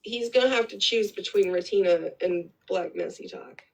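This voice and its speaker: Woman commentator, gravelly and husky; blunt, rambling live-stream opinions with plenty of swearing. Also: mid-range voice, moderate pace, rough recording. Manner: rambling, blunt, swears freely, repeats herself.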